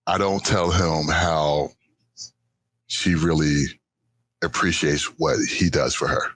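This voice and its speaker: Low, husky man chuckling in character. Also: fairly even intonation, takes it slowly, fairly bright tone, no echo. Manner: easygoing, chuckling. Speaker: game player. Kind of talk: in-character storytelling game talk.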